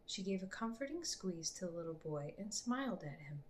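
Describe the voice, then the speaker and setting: Woman reading a storybook softly. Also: on the low side, very animated, moderate pace, few pauses. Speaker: author reading her book.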